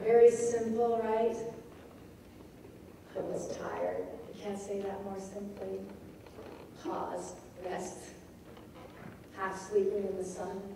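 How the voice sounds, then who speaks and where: A woman giving a poetry lecture, measured and often checking in with her audience. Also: mid-range voice, far from the mic, noisy background. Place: lecture hall. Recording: echoey hall recorded from afar.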